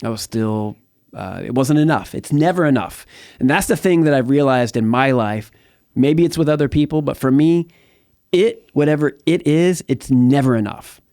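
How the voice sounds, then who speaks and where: A middle-aged American man with a mellow, medium-pitched voice speaks at normal speed, recorded clean in a studio with no echo. As an interview guest, he tells his life story candidly and ramblingly, full of fillers and restarts, in a conversational personal testimony.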